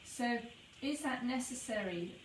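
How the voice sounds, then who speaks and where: A woman leading a yoga and breathing session, speaking in a calm, gentle way with slow pauses. Rain is falling on the roof. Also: fairly high pitch. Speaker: yoga teacher. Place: indoor room, rain on the roof. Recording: roomy and slightly distant, faint background noise.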